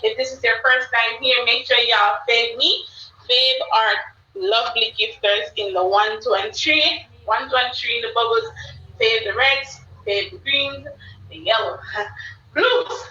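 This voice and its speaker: A woman's voice: on the high side, a little slow, bright, forceful tone. A Jamaican woman hosting a live stream, chatting casually and repeating herself as she calls out to her viewers. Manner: repetitive, loose, chatty, calls to the chat. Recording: roomy, distant, dull-sounding mic.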